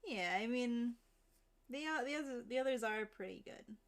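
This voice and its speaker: A woman's voice: fairly high pitch, animated, normal speed. A woman streamer chatting casually while she draws, giggling often between remarks. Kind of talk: casual chat while drawing.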